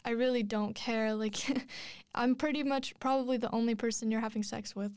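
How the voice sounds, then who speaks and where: A young woman in her twenties tells a personal story in loose, rambling chat, full of fillers and restarts. Her voice sits a little high and comes through smooth and clear. The recording is dry and close. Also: steady tone, normal speed, a little mellow, no echo. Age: 20s. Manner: rambling, many likes and restarts. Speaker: guest telling a personal story.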